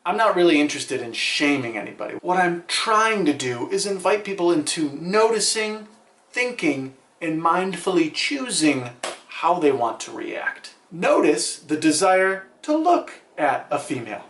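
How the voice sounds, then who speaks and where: A man with a fairly high voice talks straight to camera in a playful, sarcastic, somewhat preachy way. His voice carries a roomy echo, as if he is in a bare room. He sounds like a vlogger handing out advice. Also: a bit bright. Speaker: vlog host.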